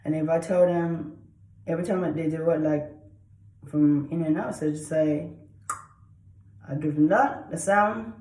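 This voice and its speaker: A woman's voice: deep voice, a little slow, pauses often, mellow. A woman vlogger lecturing about dogs in a blunt, repetitive way, swearing freely and often checking with "okay?". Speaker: dog trainer vlogger. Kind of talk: lecture-style casual talk to camera. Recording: echoey room.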